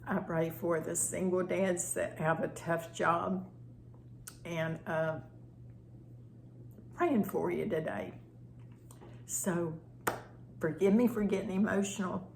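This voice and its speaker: A woman's voice: lowish voice, steady tone, slow, vocal fry, long pauses, darkish tone, slight background noise. An older woman giving a tender, prayerful personal testimony as a channel host.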